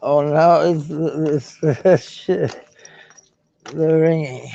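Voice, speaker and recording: A man rambling in a halting live-stream monologue, repeating words, trailing off and swearing. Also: on the high side, steady tone, gravelly, dark tone, muffled recording. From Denmark.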